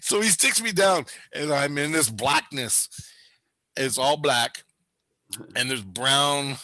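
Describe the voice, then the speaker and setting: A man telling a wild story in casual chat, animated and profane, acting out what people said. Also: fairly high pitch, slow pace, dry recording. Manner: animated, profane, acts out quotes.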